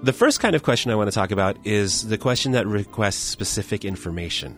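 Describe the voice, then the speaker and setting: A low-pitched man teaching on a podcast, explaining question formation step by step and ribbing his co-host. Soft music plays faintly under his voice. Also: lively intonation, a little fast. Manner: explanatory, playful teasing. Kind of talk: scripted language lesson banter.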